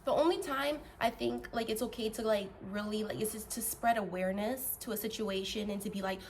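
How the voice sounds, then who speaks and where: A woman ranting bluntly and profanely to her vlog audience, heated and animated, swinging between loud and soft. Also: mid-range voice, a little fast, few pauses, slight background noise. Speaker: vlogger.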